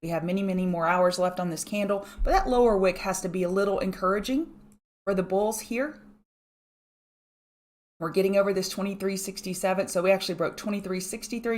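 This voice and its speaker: The host is a middle-aged woman with a fairly low pitch and a strong regional accent, presenting a live pre-market stream as a market analyst. Chatty and quick, she weaves in hellos to viewers by name among her chart notes.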